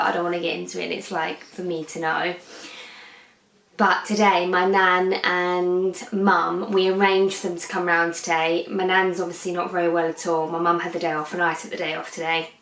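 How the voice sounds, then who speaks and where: A woman's voice: fairly low pitch, level tone, moderate pace, fairly bright tone. Rambling young woman vlogging in an echoey room. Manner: rambling, keeps digressing. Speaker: beauty vlogger. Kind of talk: casual chatty vlog. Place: living room, on a sofa, at night under a harsh light.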